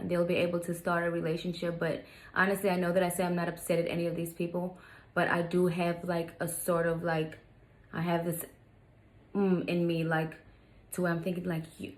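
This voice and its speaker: Woman, young adult, low voice, flat delivery, candid storytime vlog, venting to viewers. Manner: candid, venting, addresses viewers as "you guys". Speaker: vlogger.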